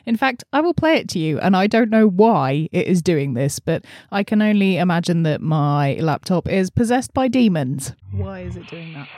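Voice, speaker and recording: A woman with a fairly low, dark-toned voice chats very animatedly at normal speed, hardly pausing, as she hosts her channel. Talking casually to camera from a messy bedroom office, she giggles and pokes fun at herself, using a laptop setup with headphones.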